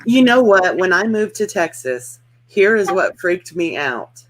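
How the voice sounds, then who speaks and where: A woman speaking in a relaxed, wry way, in a casual chat she hosts. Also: on the low side, a little slow. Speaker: channel host.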